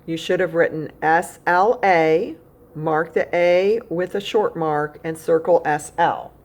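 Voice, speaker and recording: A woman's voice: on the low side, takes it slowly. A woman teaching a recorded phonics lesson, speaking straight to a young pupil at home and patiently repeating key points. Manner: speaks directly to a child at home.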